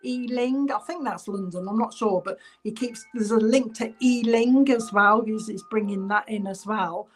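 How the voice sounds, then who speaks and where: A woman working as a spiritualist medium in an online church service, passing on spirit messages in a halting, chatty way and addressing viewers by name. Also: fairly high pitch, faint music behind. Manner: halting, relays spirit messages with many ums. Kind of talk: online church clairvoyance reading.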